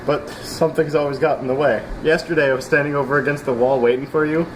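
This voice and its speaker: A man playing an earnest young man about to marry, speaking in a halting, sincere way in an amateur stage play. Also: fairly high pitch, steady tone, close to an everyday voice. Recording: noisy with traffic behind.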